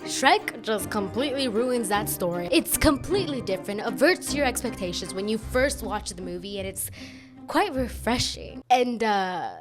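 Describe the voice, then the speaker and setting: A chatty woman with a slightly high voice gives rambling, casual video commentary. She drifts off on tangents and pokes fun at herself. Music plays clearly under her voice. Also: animated, moderate pace. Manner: chatty, rambling, self-deprecating. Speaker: YouTube commentator. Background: background music.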